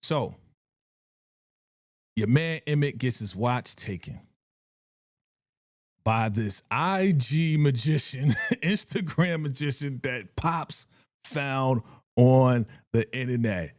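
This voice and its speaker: A man hosting a casual live reaction stream about a TV episode, talking in an animated, slangy way and laughing often. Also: mid-range voice, slow pace, long pauses, dry recording, clean studio sound. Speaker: TV show reaction livestream host.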